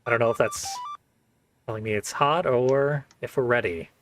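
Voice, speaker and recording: A man's voice: medium pitch, moderate pace, faint music behind. A man hosting a let's play, giving casual, wry commentary and laughing often.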